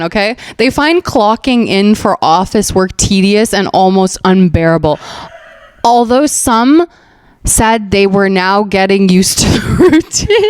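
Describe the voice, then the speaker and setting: A woman's voice: mid-range voice, smooth, dry recording. Chatty young woman, dry close sound. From Afghanistan. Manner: chatty, sarcastic, laughs often, many "like" fillers. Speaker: podcast host. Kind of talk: comedic podcast chat. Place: home.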